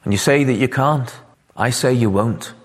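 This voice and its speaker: A man's voice: mid-range voice, moderate pace. Fervent male preacher in a hall. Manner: earnest, building to fervent emphatic peaks. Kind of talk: sermon.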